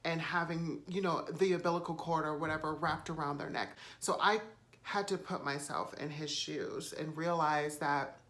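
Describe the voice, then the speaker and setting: Speaking at a normal pace in a low, slightly bright voice, a woman vlogger films herself at home on her phone. She chats her way through a story, cursing freely and leaning on lots of fillers.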